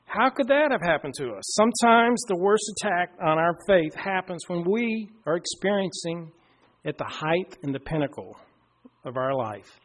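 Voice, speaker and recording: Man preacher, high-pitched, middle-aged, storytelling sermon with hushed emphatic pauses. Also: sing-song. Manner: storytelling, slows down and drops to a hush for emphasis.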